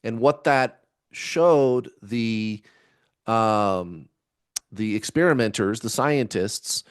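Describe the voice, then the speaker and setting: A man's voice: lowish voice, extremely slow, clear, resonant tone, dry recording, studio quality. A middle-aged man chatting casually to camera in a rambling, laid-back way, with the odd swear word. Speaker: spiritual vlogger.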